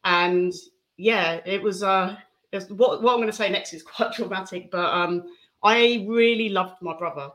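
A woman's voice: medium pitch, unhurried. Candid woman sharing her story. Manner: candid and reflective, with soft laughs. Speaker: interview guest. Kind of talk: personal testimony in conversation.

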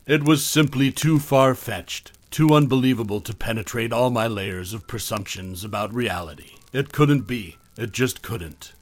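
A man narrating a first-person horror story in a measured, tense storytelling manner. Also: mid-range voice, dry recording.

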